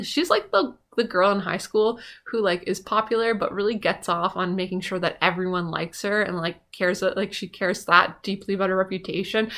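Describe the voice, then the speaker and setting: A woman's voice: mid-range voice, a little fast, fairly bright tone. A woman vlogging in a rambling, profane, casual monologue with lots of filler words.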